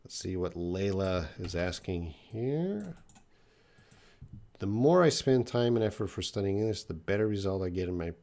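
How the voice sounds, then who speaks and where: A man with a slightly low voice hosts a live English lesson, reading viewers' questions aloud one by one. He answers plainly and thinks out loud, hedging with fillers as he goes. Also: lively intonation, normal speed, vocal fry. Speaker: English teacher.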